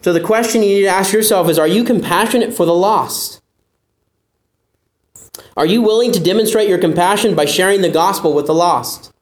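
A man preaching a sermon as pastor, earnest and emphatic, sometimes acting out doubting listeners in a higher voice. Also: brisk, echoey room, slight background noise.

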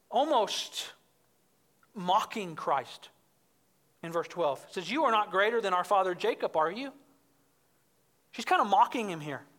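A woman preaching from the pulpit with a bright, forceful voice. She works through scripture in an expository sermon and presses her points home with emphasis, climbing higher and louder as she builds. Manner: emphatic, rises in pitch and volume when stressing points.

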